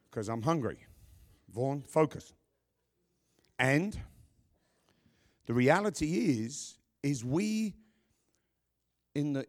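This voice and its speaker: Male pastor, sermon, animated pitch, emphatic with joking asides.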